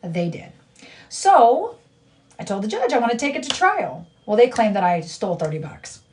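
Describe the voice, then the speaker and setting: A woman's voice: mid-range voice, big pitch swings, moderate pace, darkish tone, a little hiss or hum. A middle-aged woman on a casual live stream from her living room, blunt and indignant, venting about someone who keeps harassing her. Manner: blunt, indignant, talks to her child off to the side. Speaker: livestreamer.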